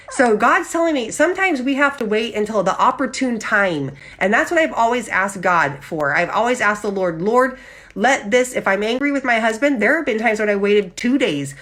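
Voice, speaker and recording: A woman hosting a live Christian devotional, talking animatedly and checking in with her listeners. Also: mid-range voice. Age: adult with husband and child. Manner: animated, often checks in with "okay?"; acts out lively quoted voices. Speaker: Christian women's devotional host.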